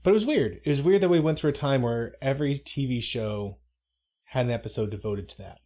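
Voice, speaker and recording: Brisk and expressive, a live-stream co-host rambles through casual commentary, interrupting himself and throwing in mock-dramatic remarks. His voice is medium in pitch with a dark tone.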